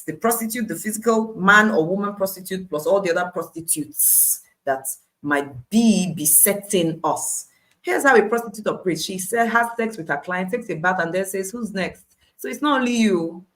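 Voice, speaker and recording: A woman giving a devotional Bible teaching on a live stream, emphatic and repetitive, with frequent laughs and lively asides. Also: mid-range voice.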